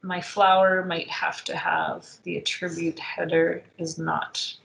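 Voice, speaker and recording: A woman teaching a software tutorial, thinking aloud as she clicks through the steps, with frequent ums. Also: fairly low pitch, flat delivery, slow pace, creaky, slight background noise. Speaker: instructor. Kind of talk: screen-recorded software tutorial. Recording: echoey room.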